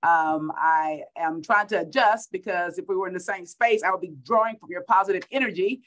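A woman's voice: fairly low pitch, brisk, fairly bright tone, rough recording. A middle-aged woman from Texas with a Texan accent, a school superintendent giving an upbeat keynote speech over a video call, repeating words for emphasis.

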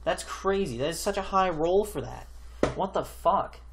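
A man's voice: high voice, animated, normal speed, fairly bright tone, a little hiss or hum. A man giving live gameplay commentary, thinking aloud in an exasperated way and swearing constantly as he mutters to himself. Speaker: gaming YouTuber.

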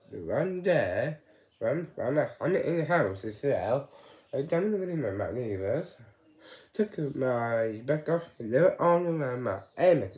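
A man chatting casually on his vlog, rambling and halting, often repeating his words. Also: a little high, echoey room. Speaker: vlogger.

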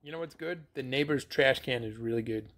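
A woman's voice: a bass voice, a little fast, slight background noise. A woman talking playfully while acting out a plush toy play scene. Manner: playful and giggly.

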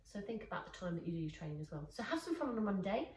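In an echoey room, far from the microphone and with faint noise, a female dog trainer walks through exercises in a relaxed, encouraging, praising way. She talks rapid-fire in a mid-range, slightly mellow voice with big pitch swings.

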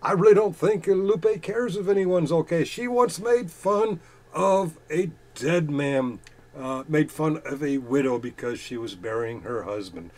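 A man reading chat comments aloud on his channel, mocking commenters with profanity and frequent laughs, swinging between loud bursts and muttering. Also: fairly high pitch, animated, unhurried.

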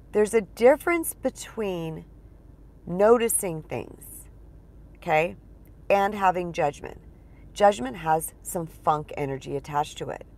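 A middle-aged woman, a spiritual empowerment coach, giving advice in a conversational, emphatic way and swearing casually. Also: mid-range voice.

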